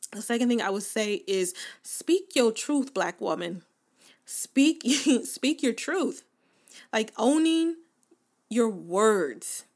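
Woman podcast host, slightly high pitched, chatty, emphatic, laughs easily. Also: lively intonation, slow pace, darkish tone. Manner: emphatic, repeats points for weight. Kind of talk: casual chat to listeners.

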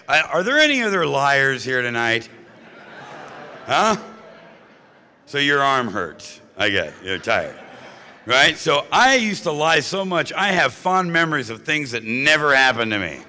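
A man gives a funny, candid personal talk to a live audience. His voice is very bright and forceful, with a punchy delivery that keeps turning to the crowd with quick questions. The long reverb of a big hall trails behind every line. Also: medium pitch, sing-song. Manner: punchy and joking, keeps asking the audience "right?" and "you know?". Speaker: speaker at a recovery meeting.

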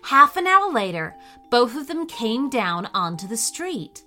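A woman's voice: on the high side, a little slow, soft background music. Cheerful woman reading a kids' story. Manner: cheerful, expressive. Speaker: host and storyteller.

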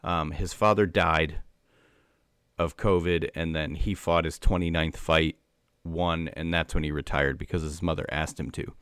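Deep male guest, dry close-miked, keen explainer full of fillers. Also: steady tone, unhurried, a bit bright, clean tone, no echo. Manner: enthusiastic explainer, many fillers like "um" and "like". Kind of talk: casual conversation.

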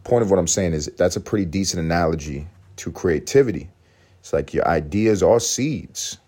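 Young male podcast host, very low voice, profane rambling rant. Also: lively intonation, moderate pace, darkish tone. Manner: profane, rambling, self-mocking. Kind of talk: casual solo podcast rant.

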